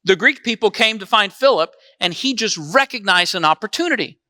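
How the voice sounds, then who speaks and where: A man's voice: high voice, lively intonation, fairly quick, bright, forceful tone, dry recording, clean studio sound. A man preaching a conversational sermon as pastor, often asking the congregation questions.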